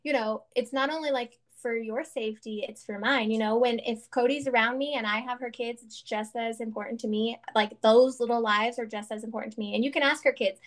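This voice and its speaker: A woman in her thirties, co-hosting a casual chat and telling stories earnestly, with lots of fillers. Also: a little high. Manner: earnest, animated storytelling with many fillers.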